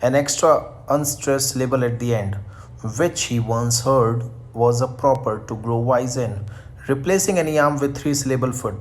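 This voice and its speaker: A man's voice: mid-range voice, normal speed, a little hiss or hum. Man reading out a college lecture. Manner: reads out points, repeats them, stops with "uh". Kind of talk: recorded online lecture reading from slides.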